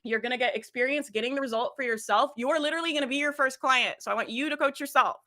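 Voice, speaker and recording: Woman, business coach, motivational talk, bright sharp tone, lively, laughs a lot, speaks directly to listeners. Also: high-pitched, fast talker. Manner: energetic, laughs often, addresses listeners directly.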